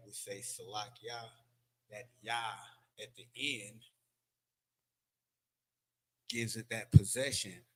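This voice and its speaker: Low-voiced guy teaching off a board, talks real slow and loose, lots of "you know". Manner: slow, drawn-out, loose and conversational with fillers. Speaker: Hebrew language teacher. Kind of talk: teaching from a board, casual lecture. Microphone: streaming setup.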